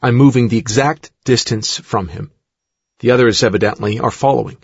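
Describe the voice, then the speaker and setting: A man reading the halting first-person account of a woman recalling an abduction, in his own voice. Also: medium pitch, vocal fry, slightly rough, no room sound. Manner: halting, plain recounting. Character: adult woman recounting an abduction under hypnosis. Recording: dull dry studio recording.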